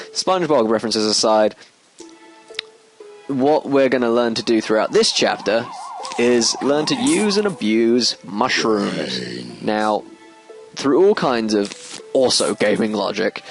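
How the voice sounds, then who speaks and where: A man giving casual let's play commentary, explaining as he plays, with sudden squeaky excited outbursts. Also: slow, pauses often, rough recording. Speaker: gameplay commentator. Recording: game music playing behind. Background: game music.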